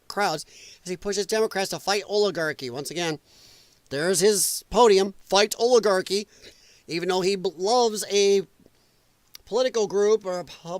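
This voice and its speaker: Man hosting a political livestream: a profane, mocking rant, with a pitch that jumps all over and a dry, close sound. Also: dry recording. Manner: profane and mocking, with sarcastic asides; laughs at his own jokes. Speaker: political commentary show host.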